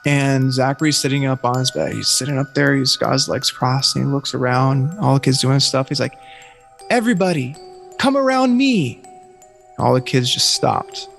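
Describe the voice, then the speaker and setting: A man telling a story as a guest on an interview podcast, lively and acting out what others said. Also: medium pitch, normal speed, gravelly, few pauses, faint music behind.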